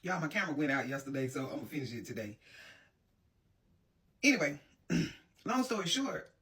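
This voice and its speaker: A woman's voice: low-pitched, big pitch swings, normal speed, a bit bright, far from the mic. A woman telling a personal story to her viewers, blunt and profane, with lots of asides to her audience. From Mississippi, USA. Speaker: storytime vlogger. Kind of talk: casual storytime.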